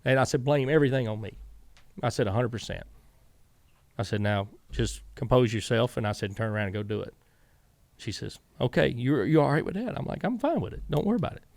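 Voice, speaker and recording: In a casual storytelling interview, a middle-aged guest with a Southern accent, formerly a racing crew chief, spins long rambling tales and quotes himself and others. He talks briskly in a creaky, medium-pitched voice on a dry recording.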